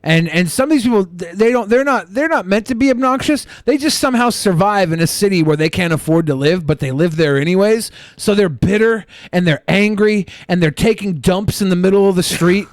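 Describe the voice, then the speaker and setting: A podcast host joking and ranting crudely in casual commentary. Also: male voice, sits high, expressive, brisk, hardly any pauses, no echo, studio quality. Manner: profane, joking, rambling.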